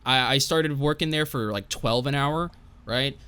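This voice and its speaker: A young man tells a long, casual story as a podcast guest. He swears freely and rambles on, checking in with his listeners with a quick "right?" as he goes. His pitch sits in a plain middle range. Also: bright, forceful tone, clean tone. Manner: profane, rambling, tags lines with "right?".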